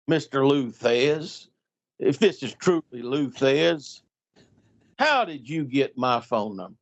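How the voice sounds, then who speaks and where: This is a middle-aged man's voice, medium-pitched and creaky, taking things slowly. As a guest storyteller he relates an anecdote casually and with animation, imitating the voices of those involved. The sound is dull and lo-fi.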